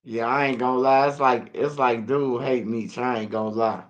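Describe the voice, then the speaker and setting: Man giving relaxed casual commentary. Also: medium pitch, normal speed. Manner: relaxed slang, hedging.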